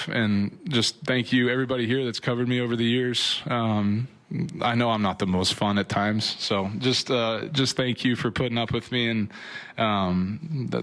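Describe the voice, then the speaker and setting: A man giving an emotional farewell speech at a press conference, halting and full of pauses as he holds back tears. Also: mid-range voice, steady tone, a bit bright. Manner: halting, many ums, holding back emotion. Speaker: retiring pitcher at press conference.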